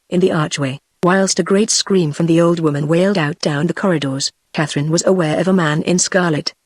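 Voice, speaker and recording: A text-to-speech voice of a woman with a British accent, narrating an audiobook in an even, measured way. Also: fairly low pitch, dry recording, clean studio sound. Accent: British English. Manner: even, measured synthetic delivery.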